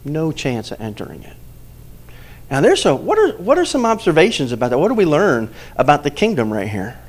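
A male pastor preaching a sermon, emphatic, quizzing the congregation and dropping from loud points to soft, quiet asides. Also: fairly high pitch, wildly swooping pitch, fast talker.

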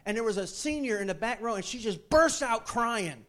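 A man with a notably high-pitched voice delivers a sermon to his congregation. He preaches emphatically, repeating phrases and asking the listeners questions. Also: animated, normal speed, few pauses, a bit bright. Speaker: pastor.

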